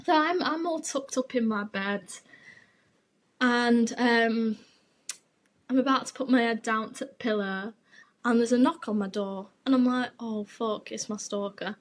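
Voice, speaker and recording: A woman's voice: on the high side, measured pace, pauses often. A young woman, hosting her podcast and telling a gossipy story in a frank, sweary, chatty way. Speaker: podcast host.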